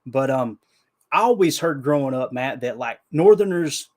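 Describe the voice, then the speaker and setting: Animated Southern-accented podcast storyteller. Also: male voice, mid-range voice, moderate pace. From Kentucky. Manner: lively, animated storyteller, says "bro" and "man". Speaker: podcast co-host.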